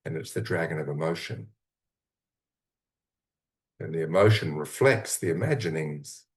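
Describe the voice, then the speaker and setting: Deep-voiced man guiding a slow meditation. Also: lively intonation. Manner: slow, soothing, with long pauses between phrases. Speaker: mentor leading a guided meditation. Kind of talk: guided meditation.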